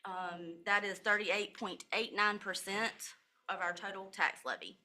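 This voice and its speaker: Brief: woman finance officer, bright voice, methodical reading of numbers at a public meeting. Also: medium pitch, measured pace. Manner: methodical, steady recital of figures with brief self-corrections. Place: county commissioners' meeting room.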